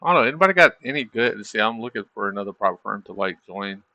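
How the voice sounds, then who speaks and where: Middle-aged guy streaming trades, gravelly and kinda lowish, just rambling to chat. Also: lively intonation, quick pace, no room sound, lo-fi sound. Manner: rambling, self-deprecating, drawling asides. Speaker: livestreaming trader. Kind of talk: casual livestream chat.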